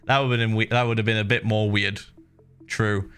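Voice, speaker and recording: A man hosting a livestream, telling a story in casual chat, animated and laughing, with swearing and many fillers. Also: on the low side, fairly quick, clean tone, faint music behind. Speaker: livestream host.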